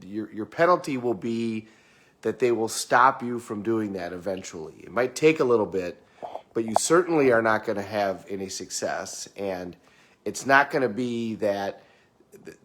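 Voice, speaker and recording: A middle-aged man giving a conversational motivational talk, often repeating words as he goes. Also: medium pitch. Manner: conversational, repeats words, acts out quoted clients. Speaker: motivational speaker.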